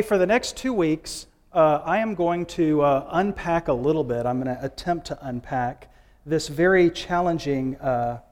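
A man's voice: medium pitch, in a large hall. A man preaching a sermon in a conversational, informal way, with frequent fillers and restarts. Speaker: guest preacher.

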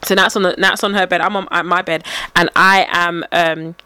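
Animated young woman telling stories. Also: fairly low pitch, moderate pace, smooth, dry recording. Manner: animated storytelling, acting out quotes with lots of laughing. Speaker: podcast co-host. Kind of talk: casual chat.

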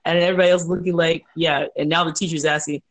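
A middle-aged woman telling personal stories as an interview guest, lively, laughing often and acting out quoted voices. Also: low voice, fast talker. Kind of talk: conversational interview storytelling.

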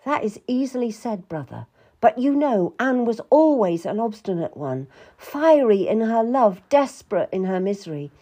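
A woman's voice: on the high side, very animated, normal speed, dark tone. A woman voicing a weary noblewoman, a worried mother who talks in a tired, resigned way.

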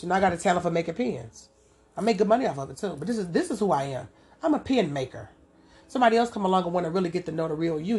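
A woman's voice: lowish voice, a little mellow. A woman hosting a podcast, talking in a loose, rambling monologue full of casual asides and repeated "you know what I'm saying.". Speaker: podcast host.

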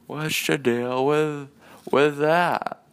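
A man's voice: a little high, fairly even intonation, very slow, clean tone, pitched above the performer's own voice. A man putting on the voice of a quippy male stand-up comedian with a sing-song, bemused, questioning delivery.

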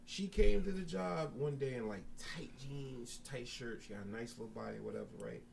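A man's voice: medium pitch, moderate pace, vocal fry, a little mellow, recorded from a distance, slight background noise. A man telling a profane story in a casual chat among friends, acting out voices in his quotes.

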